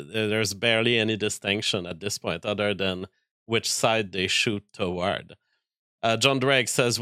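Fast bright-voiced man commenting. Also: lowish voice, clear, resonant tone, dry recording. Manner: fast, filler-heavy, halting restarts. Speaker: streamer reading chat. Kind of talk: casual political commentary.

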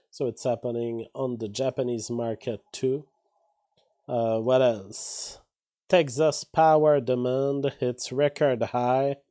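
Man, mellow voice, casual vlog chatter, reads headlines, offhand asides. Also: medium pitch. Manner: rambling, offhand asides between readings. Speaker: vlogger reading news. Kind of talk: casual commentary on read-out headlines.

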